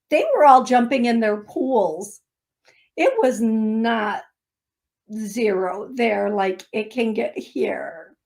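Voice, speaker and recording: Brief: woman radio host, higher-pitched voice, unhurried, chatty and giggly. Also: a little mellow. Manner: chatty, laughing storyteller. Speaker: psychic medium radio host. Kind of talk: casual chat. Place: radio studio.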